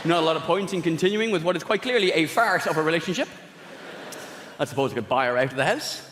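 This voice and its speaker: A man doing a stand-up routine, telling a story that spirals out fast. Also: fairly high pitch, lively intonation, a bit bright, slight background noise. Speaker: stand-up comedian. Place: large theatre stage. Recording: echoey theatre with long reverb.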